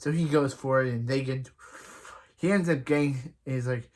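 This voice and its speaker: Guy at an average pitch rambling through an anime recap, lots of restarts, trails off quiet. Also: normal speed. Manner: rambling, with frequent restarts and "he's like" retellings. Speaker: anime reviewer recapping an episode. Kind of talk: casual spoken recap.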